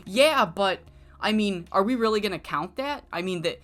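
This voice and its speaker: A woman's voice: medium pitch, expressive, normal speed, a bit bright, lightly acted. A woman voicing a blunt male wrestling promoter who sounds exasperated and curses while telling a game story. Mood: dismissive.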